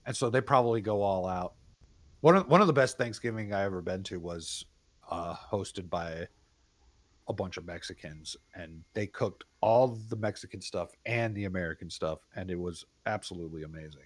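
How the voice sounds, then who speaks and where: A man chatting on a livestream, telling stories in a crude, lively way with casual swearing. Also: low voice, normal speed, dry recording. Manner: crude, animated storyteller who swears. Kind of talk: casual chat.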